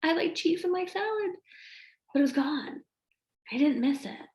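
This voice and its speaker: A woman coach chatting casually to camera at home, lively and acting out what she and others said. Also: very high-pitched, normal speed. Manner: animated, acts out her own quotes. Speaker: health coach. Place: home room with a board behind her. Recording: echoey room.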